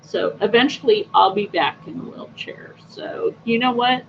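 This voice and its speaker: A woman's voice: medium pitch, normal speed, vocal fry. A woman hosting a casual livestream, telling personal stories in a chatty, upbeat, rambling way with many fillers. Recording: dull lo-fi audio with faint noise.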